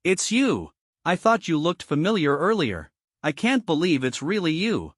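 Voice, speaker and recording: A man's voice: fairly high pitch, big pitch swings, moderate pace, no echo, clean studio sound. A man voicing a petulant, domineering teenage girl from a wealthy family, coquettish and bossy.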